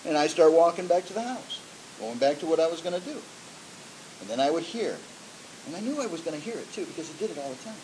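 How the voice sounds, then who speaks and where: High-voiced man preaching. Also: very animated, fast, a little mellow, a little hiss or hum, poor audio. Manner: conversational preaching with many fillers and restarts. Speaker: pastor. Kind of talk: sermon.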